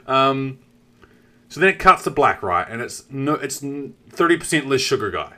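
Bright-voiced New Zealand man, swearing. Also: mid-range voice, normal speed. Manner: animated storytelling, swears often. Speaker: streamer. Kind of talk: casual live-stream chat.

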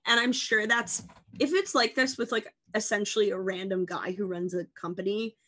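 Speaking at normal speed with a fairly bright, mid-range voice and fairly even intonation, a twentysomething podcast co-host chats casually, wandering playfully into silly tangents for comedic effect.

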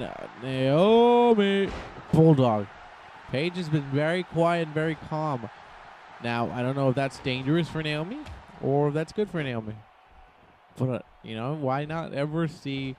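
A man giving excited, rambling play-by-play commentary over a wrestling video game, jumping into sudden shouts. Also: medium pitch, slight background noise. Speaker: gameplay commentator.

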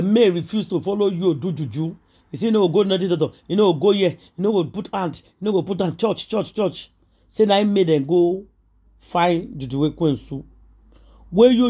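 A woman's voice: on the low side, dark tone, husky. A Nigerian woman delivering casual celebrity gossip commentary, hammering each point home again and again. Her tone is preachy and emphatic, slipping easily into Pidgin phrases. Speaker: gossip vlogger.

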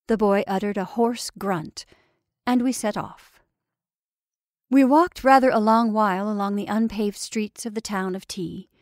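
A woman storyteller reading a classic tale aloud in a measured, expressive way. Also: mid-range voice, dry recording, studio quality. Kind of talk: scripted narration of a classic story.

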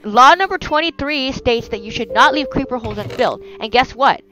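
Excitable high-pitched woman gaming host. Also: brisk, hardly any pauses, poor audio. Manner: excitable, yelps and cries of no at danger. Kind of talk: casual Minecraft gameplay commentary.

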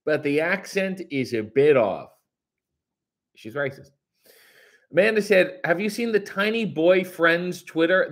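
Sarcastic man reading out chat comments. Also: fairly high pitch. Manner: sarcastic, crude, mock-grumpy asides; reads comments in a brighter, louder voice. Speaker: host reading viewer comments. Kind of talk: casual live-stream chat.

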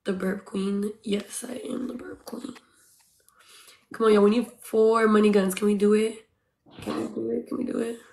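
A woman's voice: mid-range voice, steady tone, normal speed, vocal fry, a little mellow. A woman streaming live, eagerly urging her viewers on and thanking them by name in casual chatter. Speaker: livestreamer.

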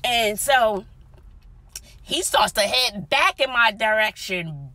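Lady vlogging from her car, bright sharp voice, tells it big and dramatic, drops to whispers. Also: medium pitch, slow, no room sound. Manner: animated, dramatic retelling with whispered asides. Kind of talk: casual storytelling to camera. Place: inside a parked car.

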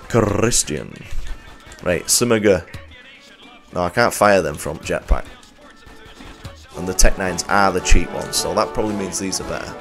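A man's voice: low voice, a bit bright. A man with a Yorkshire accent giving rambling, casual commentary while streaming a game, swearing freely and chatting to viewers. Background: game music.

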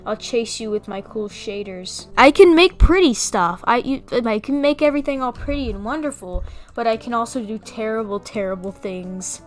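Young female gaming creator, casual play-along commentary; excitable and playful, slightly high-pitched. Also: normal speed, hardly any pauses. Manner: excitable, playful, gasps and mock panic.

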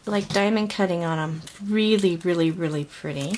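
A woman's voice: fairly low pitch, moderate pace, hardly any pauses, noisy background. A woman crafter unboxing a handmade gift in a casual home vlog, gushing and emotional with many sighs and exclamations. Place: home craft room with dog nearby.

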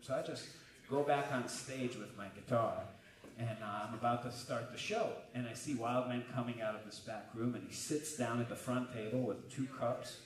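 A man's voice: medium pitch, fairly even intonation, moderate pace. A man, a guitarist, telling a casual, swearing comic story on stage between songs at a live music venue, on a stage mic. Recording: roomy live venue from far off.

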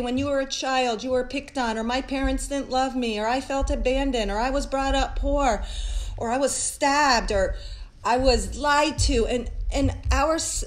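A woman with a somewhat high voice gives a heartfelt spiritual talk to her live-stream viewers. She talks in long, flowing lists of phrases, repeating and building on them, and keeps calling her listeners guys. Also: low-quality recording. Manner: earnest and heartfelt.

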